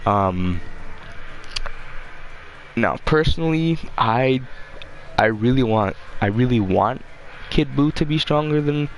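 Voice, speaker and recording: A man's voice: medium pitch, expressive, slow pace, long pauses, a little hiss or hum. A man hosting his own channel, rambling casually and swearing freely as he loses his train of thought. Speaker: channel host.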